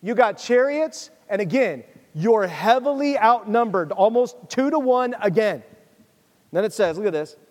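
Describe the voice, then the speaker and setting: High-voiced preacher in a reverberant hall. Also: male voice, lively intonation, unhurried. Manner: conversational preaching, reads scripture then urges the listeners. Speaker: pastor. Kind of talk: sermon.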